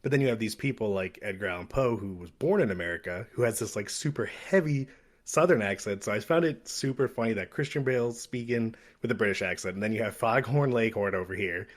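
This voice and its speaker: A man's voice: fairly low pitch, fast talker. A man co-hosting a podcast, talking in an easygoing, rambling way. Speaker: podcast co-host. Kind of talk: casual chat.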